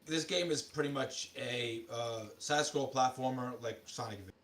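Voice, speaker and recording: A man's voice: mid-range voice, moderate pace, a bit bright. A man co-hosting a casual gaming podcast, reading game news aloud and adding offhand comments. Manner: reads listings aloud with asides. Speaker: podcast co-host.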